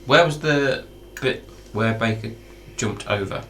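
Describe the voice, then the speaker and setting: A man playing a tabletop game, talking hesitantly with many pauses and ums. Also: medium pitch, fairly bright tone, a little hiss or hum. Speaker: player. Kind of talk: tabletop game play, casual.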